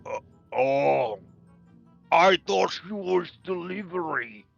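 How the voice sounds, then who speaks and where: A man's voice: sits high, slow pace, creaky, faint music behind. A man playing a character in a tabletop game, speaking his lines in character. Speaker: player. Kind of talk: in-character tabletop role-play. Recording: dull lo-fi audio.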